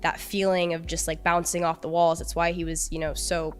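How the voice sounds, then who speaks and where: A young woman guesting on a podcast rambles through an emotional personal tale, peppered with "like." Her voice is on the low side, flat and fairly quick, set against soft background music.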